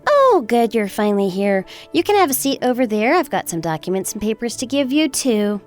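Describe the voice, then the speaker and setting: A woman's voice: fairly high pitch, sing-song, brisk, soft background music. A woman playing a calculating young wife in a texting-story drama, sweetly polite yet cutting. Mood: coldly triumphant. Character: cool, calculating young wife getting even. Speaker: daughter-in-law.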